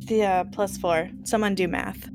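A woman's voice: mid-range voice, fairly even intonation, measured pace. A woman playing a tabletop game who speaks hesitantly and giggles often. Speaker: player. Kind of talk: casual play.

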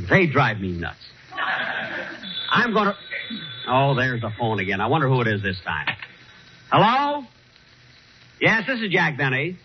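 A man's voice: mid-range voice, huge pitch swings, measured pace, pauses often. A man hosting a 1940s radio comedy as an indignant, exasperated straight man. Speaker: comedy show host. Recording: hissy dull vintage radio recording.

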